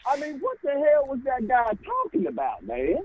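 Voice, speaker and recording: Heated, high-pitched male caller on a tinny phone. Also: huge pitch swings, moderate pace, dry recording. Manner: heated, swearing, shouty.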